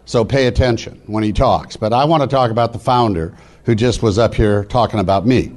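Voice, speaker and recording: A middle-aged man speaking at a live business networking event, preachy and rapid-fire, urging the crowd on. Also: lowish voice, a little mellow. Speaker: motivational speaker. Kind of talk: live stage speech. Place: event hall.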